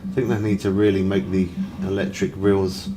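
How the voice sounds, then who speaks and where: A man's voice: low-pitched, moderate pace. A man streaming a game live, chatting and rambling as he reads viewer messages aloud. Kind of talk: casual live-stream chat. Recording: steady background noise.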